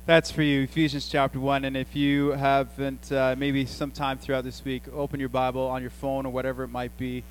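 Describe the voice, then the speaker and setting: A man in his forties preaching as a pastor, telling family stories in a chatty, conversational way with animated asides. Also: medium pitch, fairly quick, few pauses, a little hiss or hum, poor audio. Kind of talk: sermon.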